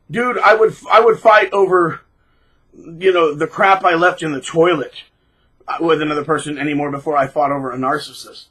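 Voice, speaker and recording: A man hosting his own channel, talking bluntly and casually, mocking people by acting out quotes in shrill put-on voices. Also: moderate pace, a bit bright, husky, rough recording. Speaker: channel host. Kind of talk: casual monologue.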